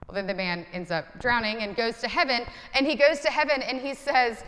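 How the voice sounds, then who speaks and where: A woman's voice: on the high side, brisk, few pauses, a bit bright, long reverb tail. A woman pastor in her thirties giving a conversational sermon with self-deprecating humor.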